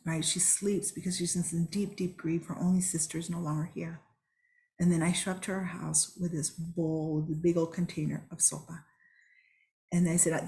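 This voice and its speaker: A woman with a somewhat low voice gives a webinar talk. She tells her stories in an earnest, reflective way. She speaks over a video call. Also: flat delivery, moderate pace, vocal fry, mellow. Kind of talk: storytelling talk.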